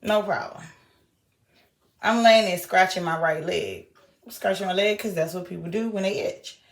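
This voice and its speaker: A young woman vlogging, telling a story in a lively way and acting out everyone's lines. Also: lowish voice, moderate pace, gravelly. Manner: animated retelling, acting out quoted voices. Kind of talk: casual storytelling vlog.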